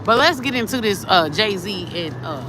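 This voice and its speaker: A woman's voice: medium pitch, moderate pace. A woman, a tarot channel host giving blunt, profane commentary in a casual rant. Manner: blunt, profane and animated, talking straight at the camera. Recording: noisy, with traffic sounds outside.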